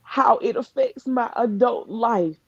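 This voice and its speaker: A woman speaks in a gravelly, husky voice, recounting her own story on a live stream call. She talks earnestly and haltingly, circling back and restarting her thoughts. The audio is dry and dull, like a lo-fi call. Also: fairly high pitch, no echo. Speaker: guest sharing her story. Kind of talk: emotional personal testimony on a live stream. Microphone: live video call.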